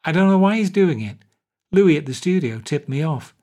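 A man's voice: on the high side, expressive, normal speed, warm tone, voice pushed up. A man reading aloud and voicing a sly, down-at-heel male screenwriter. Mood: urgent.

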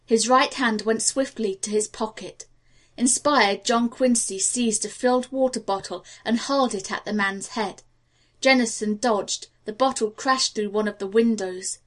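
A woman narrating a novel aloud in a steady, expressive way. Her voice sits a little high for a woman. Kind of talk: audiobook narration.

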